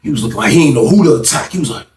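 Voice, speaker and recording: Man, casual storytelling, quick pace, distant mic, echoey room. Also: noisy background. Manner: animated, acts out other people's voices with big pitch jumps.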